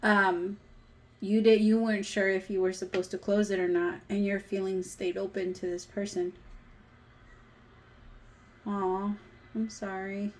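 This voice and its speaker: A woman's voice: medium pitch, flat delivery, unhurried, pauses often, slight background noise. Chatty woman doing a tarot reading. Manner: emotional, chatty, swears casually. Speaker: tarot reader.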